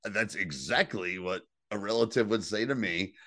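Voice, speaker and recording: A man's voice: fairly low pitch, normal speed, fairly bright tone, dry recording. A man co-hosting a podcast, chatting casually and profanely and reading listener reviews aloud. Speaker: podcast co-host. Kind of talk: casual chat reviewing a TV episode.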